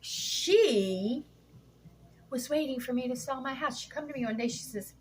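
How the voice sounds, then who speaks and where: A woman's voice: high-pitched, unhurried. Middle-aged woman, home-kitchen vlogger, blunt and indignant, faint background noise. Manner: blunt, indignant, swears freely. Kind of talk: casual storytelling vlog while cooking.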